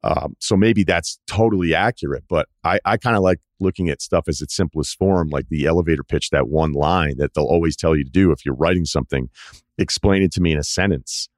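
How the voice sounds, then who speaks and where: Deep-voiced man hosting a casual podcast. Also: a little fast, hardly any pauses, no echo, studio quality. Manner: relaxed, rambling, restarts and asides. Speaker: podcast host. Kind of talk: casual chat.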